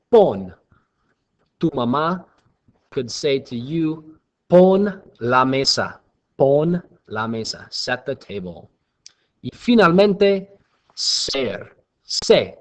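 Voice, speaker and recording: A man teaching a recorded Spanish lesson at an unhurried, deliberate pace. He leans hard on each new word as he brings it in. His voice sits at an ordinary middle pitch.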